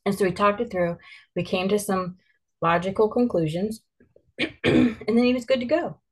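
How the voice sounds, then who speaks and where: A woman's voice: medium pitch, normal speed, husky. A mother in an earnest, candid podcast conversation, telling stories and reflecting on how she raises her kids.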